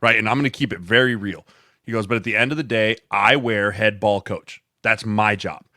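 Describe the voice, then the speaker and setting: An American man with a lowish voice making his case on a podcast, earnest and thoughtful, backing his points with remembered quotes. His voice sits dry and close to the mic. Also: fairly even intonation, fairly quick, bright, forceful tone, no room sound. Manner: earnest, explains with quoted examples. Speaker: podcast co-host, former NFL offensive lineman. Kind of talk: casual chat.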